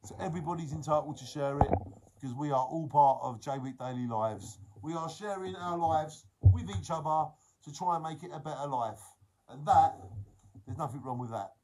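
A man's voice: on the high side, moderate pace, background noise. A man, chatting casually to his viewers during a livestream, reading out their comments and encouraging them. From England. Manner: earnest, encouraging, emphatic.

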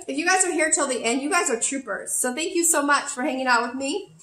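A woman's voice: sits high, normal speed, background noise. A woman in her forties vlogging a shopping haul in casual, chatty talk full of fillers, a little out of breath. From California. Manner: chatty, bubbly, lots of fillers. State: slightly out of breath. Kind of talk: casual chat to camera. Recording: echoey room.

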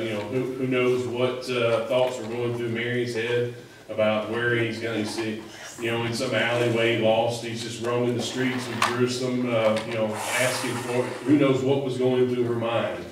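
In a church sanctuary, a man delivers a sermon in a loose, rambling, conversational style, full of fillers and restarts. His voice is medium-pitched, and the echoey hall, distant mic and background noise color the recording.

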